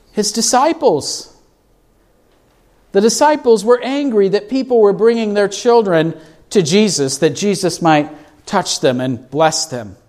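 A man preaching a sermon as pastor in a church, asking the congregation questions as he goes. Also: high voice. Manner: asks the congregation questions, animated.

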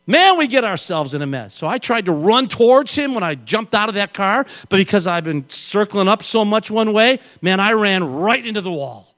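A middle-aged man preaching a sermon and telling a lively personal story, acting out voices and yelling along the way. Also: sits high, a little fast, hardly any pauses. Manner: animated storyteller, acts out voices and yells. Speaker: pastor.

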